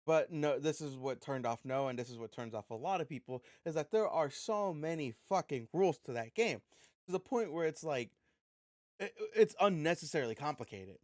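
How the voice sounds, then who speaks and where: A man's voice: fairly high pitch, fairly quick, no room sound. Young guy on a podcast, swears a lot, gets worked up telling stories, dry sound. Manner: animated storytelling with frequent profanity. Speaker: podcast co-host. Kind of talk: casual chat.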